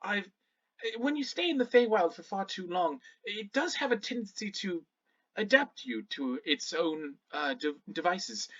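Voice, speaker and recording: A woman's voice: medium pitch, lively intonation, measured pace, muffled recording, pitched above the performer's own voice. Man doing a prim fey innkeeper woman. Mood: fussy polite. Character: genteel fey innkeeper woman, fussy, polite.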